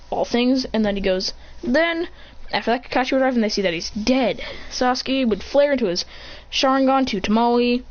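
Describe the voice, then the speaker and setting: A woman casually telling an anime fan story in a rambling, self-correcting way. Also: fairly high pitch. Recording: muffled with faint hiss.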